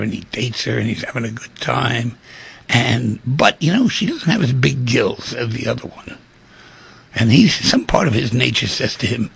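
A man hosting a radio call-in show, giving a preachy monologue full of rhetorical questions and animated storytelling. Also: mid-range voice, vocal fry, husky.

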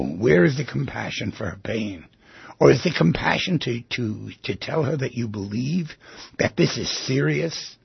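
A man's voice: medium pitch, gravelly, slightly rough, dry recording, muffled recording. A man hosting a radio talk show, musing aloud and asking his listeners many rhetorical questions. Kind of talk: reflective monologue on psychology.

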